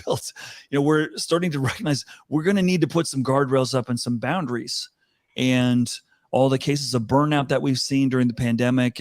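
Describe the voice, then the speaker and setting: A man's voice: medium pitch, darkish tone, no room sound. An older man speaking as an interview guest, earnest and thoughtful, with fillers and restarts. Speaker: guest, talent advisor. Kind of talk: reflective interview talk.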